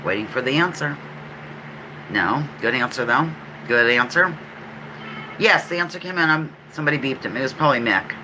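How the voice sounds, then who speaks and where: Woman, Pennsylvania accent, live trivia host. Lively, animated delivery, chatty and self-correcting. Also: a bass voice, background noise. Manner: chatty, self-correcting, repeats clues slowly. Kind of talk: casual live trivia chat.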